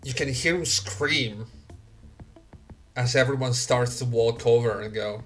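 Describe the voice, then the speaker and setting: A male game master sets grim scenes for his players at an unhurried pace. His pitch moves a great deal as he narrates. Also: expressive, fairly bright tone, faint music behind. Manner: slow, grim scene-setting.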